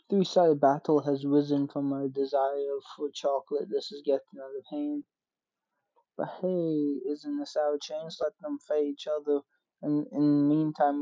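A gaming YouTuber reading out game dialogue for many characters in quick succession, sometimes exclaiming. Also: medium pitch, warm tone, no room sound, muffled recording. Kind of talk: game playthrough with read-aloud dialogue.

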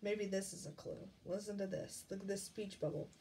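A woman teacher reading a picture book aloud to children, explaining gently as she goes. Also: mid-range voice, fairly even intonation, normal speed, distant mic, slight background noise.

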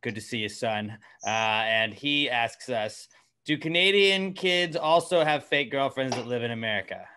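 A man's voice: medium pitch, lively intonation, moderate pace, pushed and bright, clear, resonant tone. A man co-hosting a podcast, reading listener questions and chatting casually. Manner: laid-back, reads listener questions aloud. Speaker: podcast co-host.

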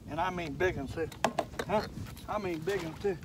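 Older man, fishing vlog host; folksy, excitable, high-pitched, recorded on a lake with boat noise, mic at a distance. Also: normal speed, long pauses. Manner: folksy, excitable, talks straight to viewers. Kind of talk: casual fishing vlog narration.

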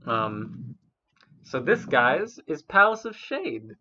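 A woman's voice: very deep voice, big pitch swings, slow pace, background noise. A woman narrating as game master in a casual, laughing, sometimes swearing way. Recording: muffled lo-fi audio.

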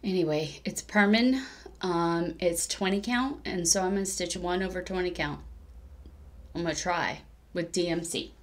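A woman's voice: on the low side, normal speed. A woman chatting casually on her cross-stitch vlog, rambling, correcting herself as she goes and laughing often. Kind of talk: casual crafting vlog chat.

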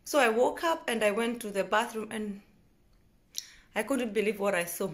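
A woman from Kenya chatting casually to the camera at home in a vlog, rambling and correcting herself, often trailing off softly. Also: on the high side, moderate pace. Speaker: vlogger. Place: at home indoors.

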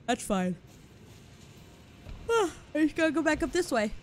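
A woman streamer giving live commentary while playing a video game, excitable and swearing, dropping to low mutters and then bursting into loud cheers. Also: takes it slowly, slight background noise.

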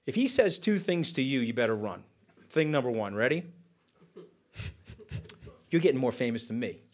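A man speaking as a guest on a conference stage, telling lively anecdotes and acting out what others said. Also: mid-range voice, moderate pace. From United States. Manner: animated, acting out quotes in other voices. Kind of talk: onstage storytelling conversation.

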